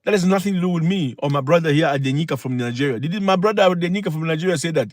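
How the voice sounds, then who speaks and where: A man talks straight to his livestream viewers in a preachy, emphatic way. His voice sits a little high. The sound is dry and close. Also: racing, no echo. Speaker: livestream host. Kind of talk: casual livestream monologue.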